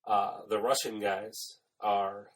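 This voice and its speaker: A man's voice: lowish voice, flat delivery, takes it slowly, far from the mic, low-quality recording. A man on a casual podcast retelling a film plot, swearing freely, laughing often and acting out the lines. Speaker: podcast co-host.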